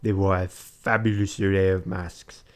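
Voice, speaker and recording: A man's voice: low-pitched, level tone, a little slow. A man doing a courtly French traveller. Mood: storytelling. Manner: mannered storybook narration. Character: polite gentlemanly male traveller.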